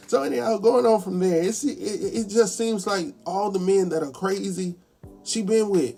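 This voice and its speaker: A talkative man recapping a drama episode in a relaxed, colloquial way, slipping into quick impressions of the characters. His voice sits a bit high for a man but sounds warm and mellow. Faint music plays underneath. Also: gravelly, slightly rough. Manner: animated, acts out characters' lines in quick impressions; chatty, colloquial, laughs at his own asides. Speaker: recap show host.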